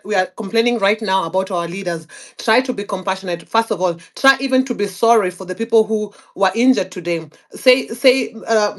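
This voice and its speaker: Woman, apologetic, pointed, mid pitch. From Kenya. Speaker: speaker.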